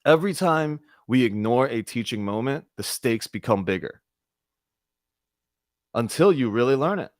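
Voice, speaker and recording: A man's voice: mid-range voice, expressive, moderate pace, pauses often, dry recording, studio quality. A man hosting an online spiritual discussion group, talking casually and earnestly with repeated, searching phrases. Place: online group video call.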